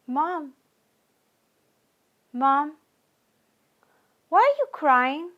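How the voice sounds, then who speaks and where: A woman's voice: high-pitched, expressive, slow pace, lo-fi sound. A woman from Iran, performing a first-person monologue in the voice of her younger self, plaintive and repetitive. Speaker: storyteller.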